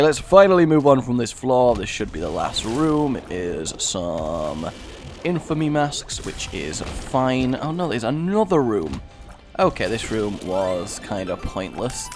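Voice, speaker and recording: A young English man giving chatty, sarcastic let's-play commentary, rambling into asides and breaking into excited yelps. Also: mid-range voice. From England. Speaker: gaming YouTuber.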